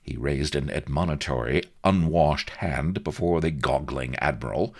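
Deep-voiced man narrating a comic tale. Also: measured pace, few pauses. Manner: wry, comic storytelling with lively emphasis. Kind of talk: audiobook narration.

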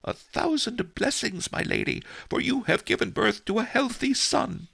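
A man reading an audiobook, voicing an effusive female midwife in a high put-on voice. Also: expressive, normal speed, gravelly, fairly bright tone, slightly rough, no room sound, full character voice. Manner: effusive, falsetto-high delivery. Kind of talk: audiobook character voice.

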